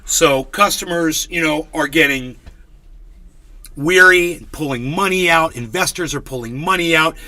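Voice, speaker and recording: A man's voice: on the high side, measured pace, pushed and bright. A man hosting a livestream, ranting in casual commentary, sarcastic and crude. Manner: sarcastic, profane, mocking. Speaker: livestream host.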